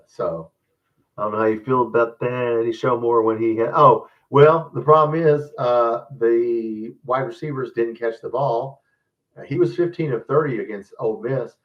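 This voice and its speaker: A man's voice: medium pitch, distant mic, highs cut off. A man hosting a live fan stream, ranting bluntly and rambling about football, often calling his viewers guys. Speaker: fan channel host. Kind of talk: live-stream sports commentary, casual rant.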